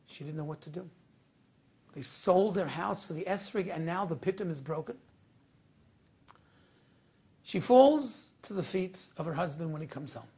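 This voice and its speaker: A man, a rabbi, telling a story in a sermon, dramatic, swinging from hushed to loud. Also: a little high, gravelly.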